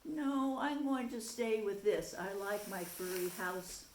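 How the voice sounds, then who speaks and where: A woman voicing a small mouse who gently insists on staying in its pumpkin house, read slowly in a roomy space. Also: mid-range voice, slight background noise, close to an everyday voice. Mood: content. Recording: roomy echo.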